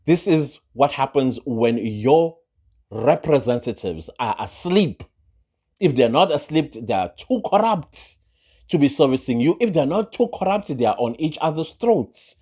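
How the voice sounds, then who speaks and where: A man rants through a gossip commentary, full of sarcasm and rhetorical questions. His mid-pitched voice swings widely up and down as he talks. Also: sing-song, measured pace, dark tone, husky. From South Africa. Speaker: social commentary vlogger.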